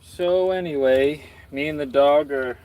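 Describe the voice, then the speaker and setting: Slow, rambling man on a live stream. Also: a little high, background noise. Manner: slow, rambling, self-mocking asides.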